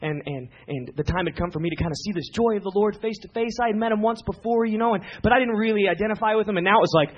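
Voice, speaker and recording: Excited guy preaching, high pitched and a bit raspy, muffled recording. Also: very fast, few pauses. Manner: animated, emphatic storytelling. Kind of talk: sermon storytelling. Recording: dull lo-fi recording.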